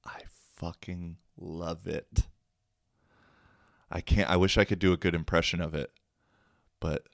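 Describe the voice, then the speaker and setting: A man's voice: sits low, clear, resonant tone, dry recording, clean studio sound. A young man hosting a solo podcast, chatting casually in a slangy, rambling, self-mocking way. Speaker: podcast host.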